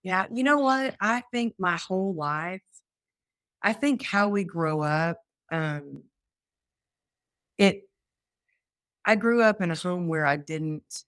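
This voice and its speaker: Animated woman from Texas telling her story. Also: lowish voice, slow, long pauses, dry recording, clean studio sound. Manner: animated, acts out quoted voices. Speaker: guest. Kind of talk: interview storytelling.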